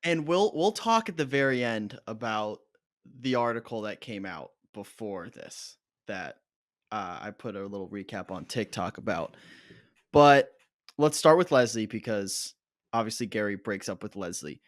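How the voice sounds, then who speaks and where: A young man co-hosting a casual reaction podcast, talking in an animated, fired-up rant. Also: lowish voice, unhurried, no echo, clean studio sound. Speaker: podcast co-host.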